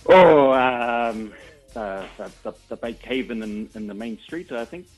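NZ male caller, slow drawl, hesitant. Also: medium pitch, expressive, highs cut off, faint music behind.

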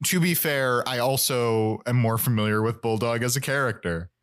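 A man's voice: medium pitch, moderate pace, fairly bright tone, smooth. A man co-hosting a casual podcast, recapping a TV episode, who laughs often and searches for words. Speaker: podcast co-host.

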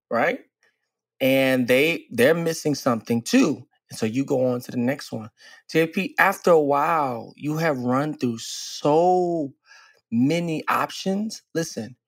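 A man in his forties, co-hosting a casual podcast as a relationship coach. He talks earnestly and reflectively, drawing out key phrases slowly. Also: medium pitch, no echo, studio quality.

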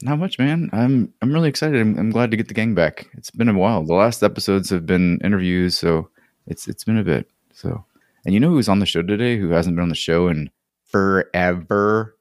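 A man hosting a relaxed podcast chat, easygoing and often repeating his first words. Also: sits low, a little fast, no echo, clean studio sound. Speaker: podcast host.

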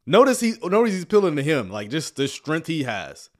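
A man casually commenting on a church video, joking and talking in a relaxed, slangy way. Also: a little high, a little fast. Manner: laid-back, joking, Southern US slang like "y'all".

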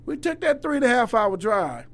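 Animated, profane man telling coaching stories. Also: very high voice, moderate pace. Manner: profane, animated storyteller acting out quoted voices. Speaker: youth basketball coach. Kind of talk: storytelling in casual conversation.

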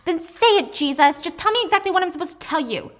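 A woman voicing a spoiled rich news anchor who yells and demands answers. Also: very high-pitched, expressive, fast talker, voice pushed up. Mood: furious. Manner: shouting, angry, demanding.

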